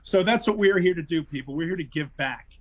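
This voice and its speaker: A man's voice: fairly high pitch, a little fast, slight background noise. A man co-hosting a podcast, giving a jokey, hyped-up plug and urging listeners like a preacher. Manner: hyped, mock-preachy exhortation. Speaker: podcast co-host.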